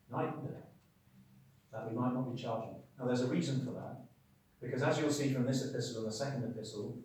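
A man preaching a sermon. He talks emphatically, asks rhetorical questions and swings between loud and quiet. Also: mid-range voice, recorded from a distance, a little hiss or hum. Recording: very echoey hall, speaker away from the mic.

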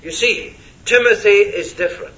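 A man preaching an expository sermon verse by verse, deliberate and stressing key words. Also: high-pitched, sharp tone, highs cut off.

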